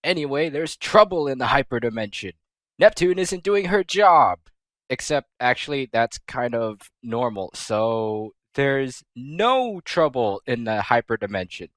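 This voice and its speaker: A man's voice: mid-range voice, very animated, measured pace, a bit bright, no room sound. A young man giving a crude, sarcastic comedic recap of an anime, full of profane asides.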